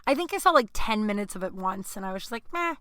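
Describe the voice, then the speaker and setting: Young female podcast host, rambling chatty delivery with sudden loud bursts; bright tone, dry recording. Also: medium pitch, lively intonation, quick pace, dry recording. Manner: rambling, jokey, swings between loud outbursts and mumbled asides. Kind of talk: casual solo chat.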